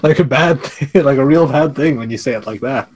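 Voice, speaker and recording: A man's voice: medium pitch, a little fast, darkish tone, slightly rough. A man chatting about a strategy game he played, easygoing, chuckling often and thinking aloud. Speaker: fellow Diplomacy player. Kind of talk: casual conversation about a game.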